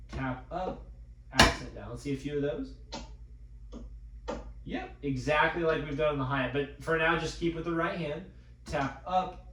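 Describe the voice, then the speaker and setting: A man's voice: on the high side, distant mic. A man teaching a drum lesson, coaching a student and calling out strokes as he plays. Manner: coaching, counting strokes aloud. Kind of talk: live practice pad lesson. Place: drum school room. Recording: echoey room, off-mic, loud noise.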